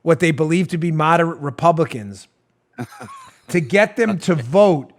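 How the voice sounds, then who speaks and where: A man in his forties hosting a talk show, ranting with animated, mocking humor and frequent laughter. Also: on the high side, measured pace. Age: 40s. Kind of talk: comedic political talk.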